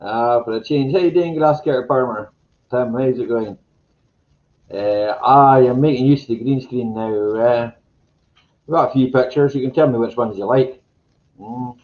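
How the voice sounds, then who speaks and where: A man hosting a casual live chat, greeting viewers by name in a slow, meandering way and chuckling to himself. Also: medium pitch, highs cut off. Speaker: live stream host. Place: home room with green screen.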